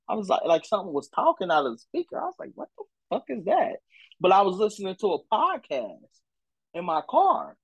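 A young man co-hosting a podcast tells a long story in loose, profane chat. His voice sits a little high and swings widely, jumping up when he acts out what people said. The sound is close and dry, with no room around it. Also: brisk, husky, no echo, highs cut off. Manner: animated, profane, acts out quotes in a higher voice. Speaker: podcast co-host.

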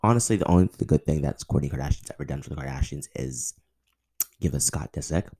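Male podcast host, very low and gravelly, excitable, stammering, profane. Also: fast. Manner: excitable, stammering, swears a lot. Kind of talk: casual podcast monologue.

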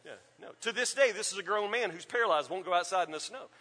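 Bright-voiced preacher in a reverberant hall. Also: male voice, sits high, animated, quick pace, a little hiss or hum. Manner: emphatic and repetitive, asking the crowd questions. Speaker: pastor. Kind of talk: sermon. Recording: long reverb of a large hall.

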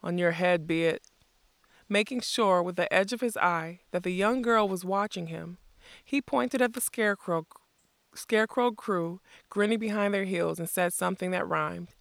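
A narrator reading a fantasy story aloud in a steady, measured way. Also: medium pitch, creaky, no room sound. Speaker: audiobook narrator.

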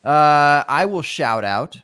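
A man's voice: a little high, animated, takes it slowly, bright, forceful tone, smooth, no room sound. A man hosting a sports podcast in casual chat, rambling and joking with many restarts. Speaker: podcast host.

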